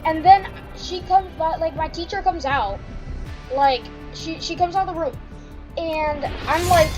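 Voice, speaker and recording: A woman's voice: extremely high pitch, unhurried, low-quality recording. A teenage girl telling a rambling storytime while gaming, filling her talk with "like". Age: teens. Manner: rambling, heavy filler "like". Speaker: streamer. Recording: loud game music behind.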